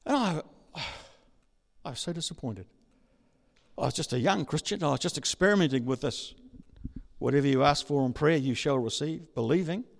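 A man preaching a sermon, telling a personal story and building up to excited shouting. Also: on the high side, normal speed, gravelly, long pauses. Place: large church hall. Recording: reverberant hall.

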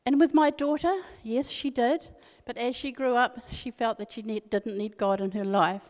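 Older New woman, slightly high voice, earnest emphatic church talk, long hall reverb. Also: fairly even intonation, normal speed, darkish tone. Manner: earnest, emphatic, repeats key phrases. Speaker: speaker at a women's church meeting. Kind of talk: devotional talk with personal story.

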